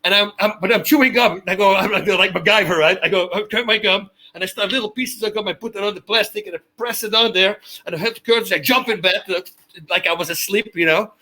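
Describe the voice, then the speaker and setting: A man, an interview guest telling wild anecdotes in an excitable way and laughing often. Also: high voice, fast talker. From Netherlands. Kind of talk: animated storytelling in a casual interview.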